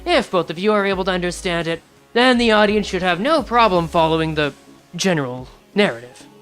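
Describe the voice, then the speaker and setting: A bone-tired male scholar from a game, as a woman streamer puts him on, droning on with weary self-importance. His voice sits low and drags, as if every word costs effort. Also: animated, a little fast, clean tone, faint music behind, close to an everyday voice. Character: exhausted, dreary male researcher from a game.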